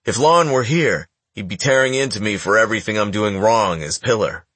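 A man's voice: on the low side, a little fast, a bit bright, dry recording. A man reading the lines of a stern young male clan leader in a firm, somber way. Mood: grave, stern.

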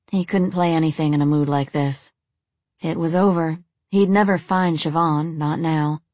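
A woman narrating an audiobook in a steady, even storytelling manner. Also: low-pitched, dry recording.

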